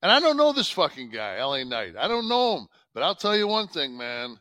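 A man ranting on a podcast clip, swearing constantly in a mocking, animated way. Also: on the high side, brisk, dry recording. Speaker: podcast host in played clip. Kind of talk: profane casual rant.

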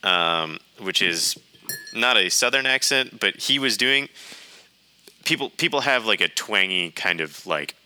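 A man's voice: on the low side, lively intonation, a little slow, sharp tone, a little hiss or hum. A man co-hosting a casual movie review podcast, chatty and restarting his sentences often. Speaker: podcast co-host.

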